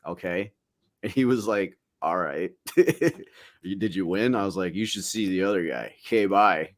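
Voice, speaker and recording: Man telling a profane, lively story. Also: deep voice, normal speed, no room sound, clean studio sound. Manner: profane, animated anecdote-telling with acted-out quotes. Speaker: podcast co-host. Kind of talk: casual storytelling chat.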